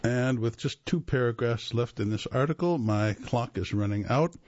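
A man hosting a radio reading service, reading a magazine article aloud in a steady, measured way with the odd stumble and self-correction. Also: medium pitch, highs cut off.

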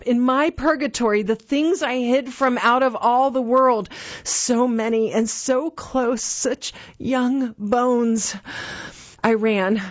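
A woman with a high voice reads a dark first-person story. She takes it slowly and dramatically, with measured phrasing. The recording is dull and lo-fi.

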